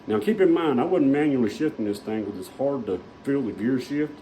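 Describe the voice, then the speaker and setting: A man with a drawl spins a rambling, folksy yarn in a mellow, warm voice. He talks casually, leaning on fillers, and a faint hum of shop noise sits behind him. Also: mid-range voice, lively intonation, brisk, low-quality recording. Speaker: vlogger. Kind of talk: casual storytelling. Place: small shop.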